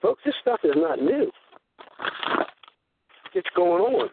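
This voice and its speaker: A man's voice: high voice, big pitch swings, slow, gravelly, background noise. An older man hosting a radio show, telling long rambling stories and acting out the voices of the people in them. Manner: rambling storyteller, acts out voices in quotes. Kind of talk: conspiracy talk radio monologue. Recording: tinny phone-line radio sound.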